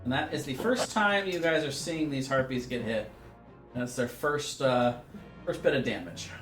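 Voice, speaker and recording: A man's voice: mid-range voice, normal speed, over music. Male dungeon master, easygoing, rules-talk, roomy sound. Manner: relaxed, explains rules with many fillers. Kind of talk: running a tabletop game over voice chat.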